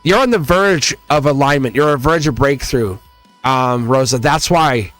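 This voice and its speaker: A man hosts a live-streamed tarot reading in a chatty, animated voice of ordinary pitch. He laughs often and speaks straight to his viewers. Faint music plays behind him. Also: normal speed.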